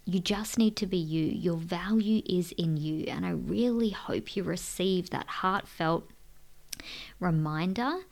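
A woman in her thirties speaks to her listeners in a heartfelt solo podcast. Her voice sits a little low, and she talks in an earnest, emotional way. She often sinks into a soft, breathy near-whisper. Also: a little slow. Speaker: podcast host and women's coach.

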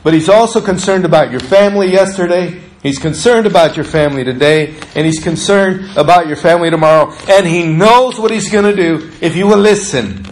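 A pastor preaching a sermon, asking the congregation questions and often dropping his voice low and slow. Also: poor audio. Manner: preachy, asks the listeners questions, often drops soft and slow.

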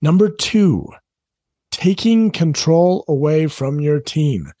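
Middle-aged man, parenting coach, earnest chatty advice, slightly higher voice, dry close sound. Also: animated, takes it slowly, dark tone, dry recording. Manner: earnest, conversational, repeats key phrases. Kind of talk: direct-to-camera advice talk.

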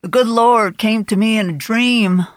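A fervent, zealous aunt speaking in a solemn preaching tone, voiced by a woman reading an audiobook. The voice sits a little higher than the narration and sounds oddly altered. The recording is dry and close. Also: measured pace, dry recording, close to an everyday voice. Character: zealous aunt claiming divine visions.

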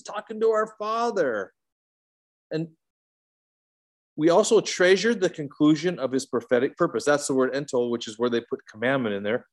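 A middle-aged man teaching an informal Bible study, swinging between emphatic high bursts and soft low asides.

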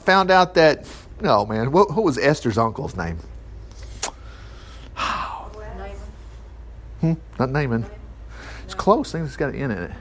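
A man leads a casual Bible study with a lively, swooping delivery. His voice sits a little high for a man. He keeps stopping the reading for folksy asides and soft chuckles. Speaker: Bible teacher. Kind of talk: informal Bible study teaching.

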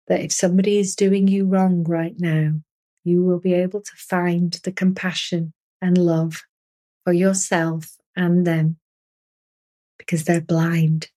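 A woman with a fairly low-pitched voice hosts a spiritual podcast, speaking as an energy healer in a soothing, earnest monologue with gentle repetition.

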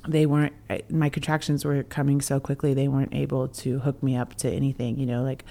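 A young adult woman co-hosting a podcast, telling a personal story in casual chat, animated and laughing between phrases. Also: rumbling low, a little fast, gravelly. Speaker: podcast co-host.

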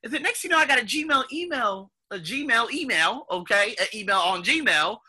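A man hosting an English-learning podcast, telling stories in a rambling, profane and animated way. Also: very high-pitched, moderate pace, husky. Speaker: ESL podcast host. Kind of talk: casual storytelling monologue.

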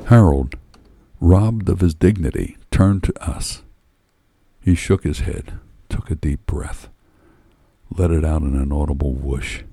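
A man's voice: a bass voice, unhurried, long pauses, mellow, husky, no room sound. A man reading a story aloud in a wry, first-person storytelling manner. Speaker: narrator.

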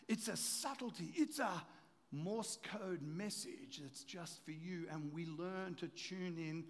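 High-voiced pastor preaching in a hall. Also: male voice, takes it slowly. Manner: emphatic, rhetorical questions, drops to quiet storytelling. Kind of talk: sermon.

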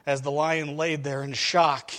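Man, preacher, sermon, earnest storytelling, voice a bit high. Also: level tone, unhurried, a bit bright. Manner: storytelling with a joke, earnest exhortation.

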